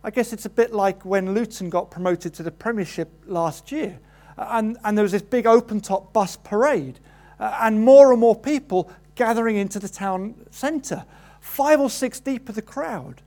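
Male preacher, animated sermon delivery, voices the story's people. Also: normal speed. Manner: animated, acts out quoted voices with rising pitch.

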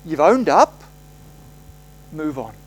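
A composed, no-nonsense school principal woman who stays quiet and measured, her voice dropping lower and softer than the speaker's usual tone, as a male preacher recounts her. She corrects a child plainly, without shouting. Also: very animated, breathy edge, heavily acted, low-quality recording. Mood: calm firm. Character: calm firm female school principal, middle-aged.

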